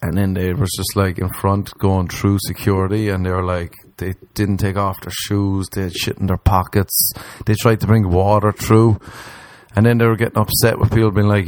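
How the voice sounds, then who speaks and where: A man's voice: on the low side, steady tone, moderate pace, a little mellow, no echo. A man, a comedian telling a rambling story in casual chat, swearing and acting out the people he quotes. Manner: swearing, acts out quoted voices.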